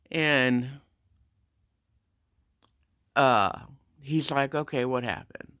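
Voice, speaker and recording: A man rants casually about a clash at his gym front desk, voicing each person's lines with sudden pitch jumps. His voice is bright and smooth. He talks slowly and deliberately, in a dry, close sound. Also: no room sound. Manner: animated, acts out the dialogue with pitch jumps. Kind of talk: casual storytelling rant.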